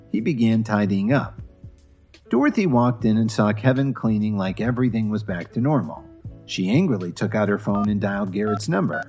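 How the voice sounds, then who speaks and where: Man narrating a story, husky voice, animated pitch, faint guitar behind. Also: moderate pace.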